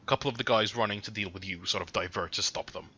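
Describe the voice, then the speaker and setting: A man with a bright, forceful voice serves as game master, narrating the fight in a casual, chatty way. The recording sounds dull and lo-fi. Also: fairly low pitch, fast talker, breathy edge. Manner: casual, chatty, hums while looking up rules.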